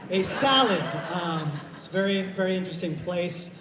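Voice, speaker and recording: A man from Iowa working a stand-up set with a fairly high voice, laid back and halting, leaning on little fillers as he goes. He speaks into a handheld stage mic, and the sound rings in a roomy hall with a long reverb. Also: expressive, noisy background. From Iowa, USA. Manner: halting, low-key delivery with many uh fillers. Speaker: stand-up comedian. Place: live comedy show in a hall.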